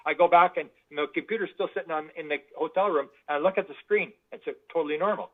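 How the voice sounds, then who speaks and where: A man telling stories as a guest in an interview, animated and full of restarts. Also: a little high, very fast, few pauses. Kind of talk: anecdotal interview storytelling. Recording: tinny phone-like line.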